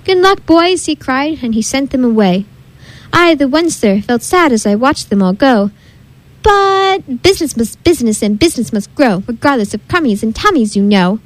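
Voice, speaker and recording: A woman reads a rhyming storybook aloud in a rhythmic, sing-song way. Her voice sits high. The verses bounce along steadily. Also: expressive, moderate pace, dry recording, rough recording. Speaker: reader. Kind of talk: storybook read-aloud in rhyme.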